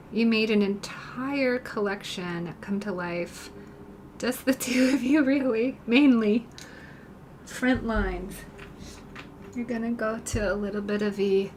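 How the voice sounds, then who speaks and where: A woman with a medium-pitched voice talks gently to viewers on her live stream as she paints in her home studio. When they compliment her art, she turns effusive and thankful. Some background noise can be heard.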